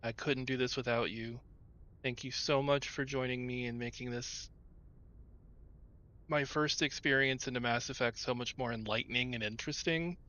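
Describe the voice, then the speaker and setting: A man's voice: mid-range voice, fairly even intonation, moderate pace, pushed and bright. A man streaming a game, signing off casually to his viewers in a rambling, affectionate way with plenty of filler words. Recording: muffled lo-fi audio with faint music. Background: faint background music.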